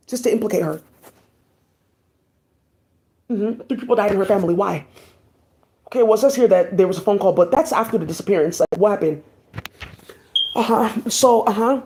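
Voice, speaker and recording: Fast-talking agitated woman ranting. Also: mid-range voice, mellow. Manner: agitated, profane, rambling. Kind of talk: rambling monologue vlog.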